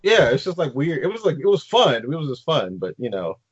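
A man co-hosting a casual podcast, talking haltingly with many restarts. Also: a little high, big pitch swings, slightly rough, no echo. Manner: halting, restarts often, laughs easily. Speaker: podcast co-host. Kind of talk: casual chat. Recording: dull lo-fi sound.

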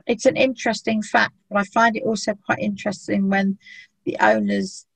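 A woman's voice: mid-range voice, gravelly, husky, no echo, poor audio. A woman telling a long, chatty story about treating dogs, acting out what people said to her. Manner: chatty anecdotal storyteller, acts out quotes. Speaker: dog remedy practitioner. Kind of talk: casual conversation, storytelling.

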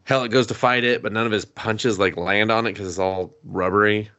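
A man co-hosting a podcast, casually recapping an anime plot with quick voiced quotes and some swearing. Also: lowish voice, dry recording, dull audio. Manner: animated retelling with quick voiced quotes and laughs. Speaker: podcast co-host.

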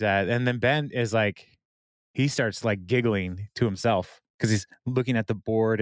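A man's voice: lowish voice, no echo, clean studio sound. A young adult man casually recapping a TV episode, laughing often and retelling scenes with quoted lines. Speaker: podcast co-host.

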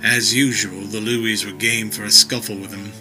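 A man narrating an action story in a vivid, expressive storytelling manner. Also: fairly low pitch, moderate pace, soft background music, poor audio.

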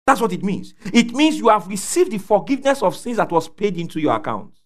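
Preacher guy, high voice swinging all over, gets the crowd to finish his lines. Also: very animated, a little fast. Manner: call-and-response preaching, asks congregation to fill in words; rises to shouts at peaks. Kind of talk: sermon.

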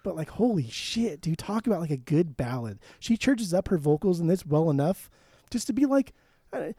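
A man's voice: on the high side, expressive, normal speed, mellow, husky, no echo, clean studio sound. A man co-hosting a casual podcast, talking enthusiastically, swearing often and breaking into sung snippets. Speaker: podcast co-host. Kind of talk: casual chat.

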